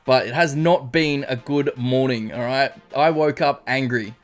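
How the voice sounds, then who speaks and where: A man's voice: medium pitch, a little slow. An Australian man with an ordinary mid-range voice chats casually on a live stream. He greets viewers one by one and wanders off into loose, rambling stories. Faint music plays behind him. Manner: chatty, greets chatters by name, rambling storytelling.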